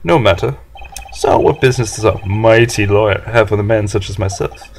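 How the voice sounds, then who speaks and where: A man's voice: lowish voice, brisk, creaky, a little mellow, a little hiss or hum. A man voicing a pompous, arrogant male corporate tycoon who uses grandiose, made-up big words.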